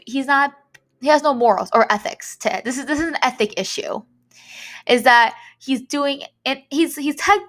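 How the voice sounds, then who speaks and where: A woman with a higher-pitched voice hosts her own podcast, telling a personal story. She talks in a heated, blunt way, swears freely and replays conversations line by line in quick back-and-forth. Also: a bit bright. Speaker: podcast host.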